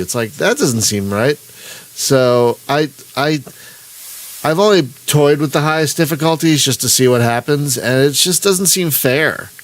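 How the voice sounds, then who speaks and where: A man of average pitch chats through a live gameplay stream, rambling and cutting himself off mid-sentence. He chuckles often and talks in a loose, casual way. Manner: rambling, self-interrupting, chuckling. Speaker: gaming channel host.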